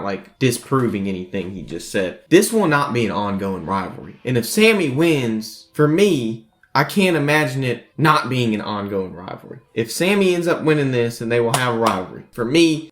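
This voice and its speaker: A co-host in a casual wrestling prediction chat, arguing points in a relaxed, argumentative way. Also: medium pitch.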